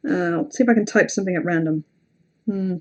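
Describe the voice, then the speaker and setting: A young British woman with a lowish, somewhat mellow voice talks quickly, and there's a faint hiss or hum in the audio. She chats loosely on a livestream between horror story readings, rambling, self-mocking and swearing, in a British English accent.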